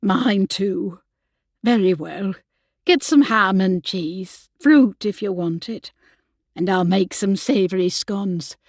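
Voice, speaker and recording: A woman's voice: medium pitch, slow pace, no echo. A woman narrator voicing a fretful, motherly older cook-housekeeper who speaks in a homely, old-fashioned way. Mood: fussing.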